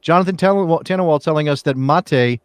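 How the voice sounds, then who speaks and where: A man's voice: fairly high pitch, fast, clear, resonant tone, dry recording, clean studio sound. A man hosting a live soccer show, chatting and joking, often trailing off and restarting. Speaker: podcast host. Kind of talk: casual sports chat.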